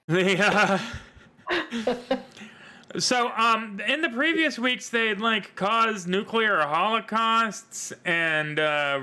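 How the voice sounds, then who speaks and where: A man running a tabletop role-playing game on a livestream. His voice is bright and somewhat tense, sitting a bit high. He jokes and rambles, full of fillers and asides. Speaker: game master.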